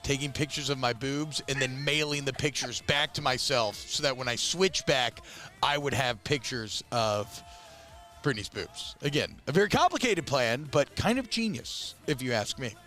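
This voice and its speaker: A man's voice: medium pitch, lively intonation, normal speed, sharp tone, soft background music. A man co-hosting a sports radio show, chatting casually with a joking, rambling, self-mocking manner. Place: radio studio.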